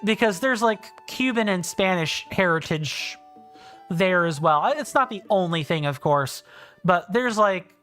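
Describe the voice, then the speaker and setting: A man's voice: high-pitched, expressive, a little slow, sharp tone, faint music behind. A man in his thirties with a British-sounding accent, hosting a casual game livestream and reading chat in a rambling, friendly way full of fillers and restarts. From South Carolina, US. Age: 30s. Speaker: livestream host.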